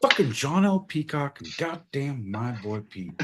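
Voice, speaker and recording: Profane, animated male podcast host. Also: on the high side, unhurried, hardly any pauses, a little hiss or hum. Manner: profane, loud, swings from shouting to mumbling. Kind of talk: crude comedic banter.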